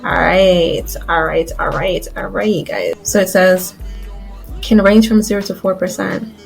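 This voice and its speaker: A woman's voice: fairly low pitch, steady tone, unhurried, gravelly. Chatty woman vlogger, faint music behind. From Guyana. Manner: chatty, addresses viewers as y'all and guys, many likes. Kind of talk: casual chat to camera.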